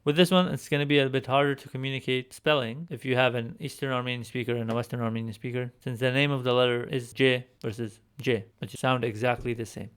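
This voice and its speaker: Patient male teacher, medium pitch. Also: fairly even intonation, fairly bright tone, smooth. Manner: patient, explains slowly and repeats words. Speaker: language teacher. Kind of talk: recorded alphabet lesson.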